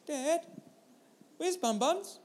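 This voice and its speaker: A man voicing an upset little girl who whines and pleads in a high child voice while telling a story. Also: lively intonation, extremely slow, full character voice. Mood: worried. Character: upset little girl, six or younger, demanding.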